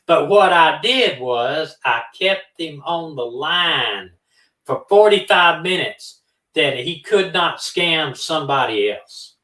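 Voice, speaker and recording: Picked up from far off the mic in a roomy space, a man with a fairly high voice speaks slowly as he tells a casual story. He's a co-host of a true-crime live stream, and he animatedly plays both sides of a phone call.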